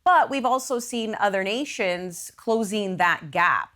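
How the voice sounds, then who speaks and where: A woman's voice: medium pitch, expressive, unhurried, fairly bright tone. Upbeat woman sports show host. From Canada. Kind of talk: studio sports talk.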